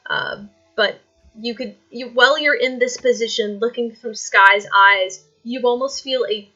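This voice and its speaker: A woman's voice: a little high, a little slow, bright, forceful tone, lo-fi sound, faint music behind. A woman narrating a tabletop game as dungeon master, rambling through descriptions with many fillers.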